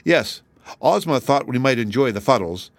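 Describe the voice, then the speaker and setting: A man's voice: medium pitch, expressive, normal speed, gravelly, dry recording. A man voicing a kind, sensible little girl in a raised, girlish, matter-of-fact voice.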